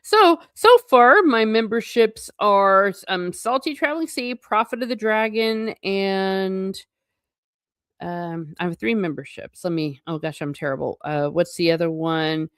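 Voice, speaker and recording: Hosting a casual livestream, this ex-teacher rambles chattily, laughs often, corrects herself and reads out what viewers write. Her mid-range voice is a bit bright and smooth, a little slow, recorded at studio quality with no echo.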